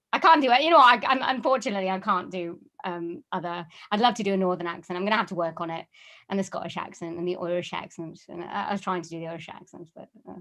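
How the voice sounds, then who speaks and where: A woman with a Welsh accent chats as an interview guest. Her voice is mid-pitched, and her talk is full of fillers, restarts and laughter. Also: a bit bright. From Wales. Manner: chatty, laughs often, many fillers and restarts. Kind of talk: casual interview chat.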